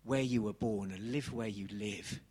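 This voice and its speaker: A man in his thirties from England preaching a sermon on a handheld mic, animated and swinging from soft asides to loud exclamations. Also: on the low side, moderate pace, breathy edge.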